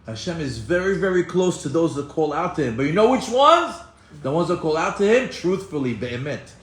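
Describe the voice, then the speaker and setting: A man teaching a Torah class in an animated way, acting out quoted voices and often restarting his sentences. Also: a little high, a little fast. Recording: echoey room with faint ambience.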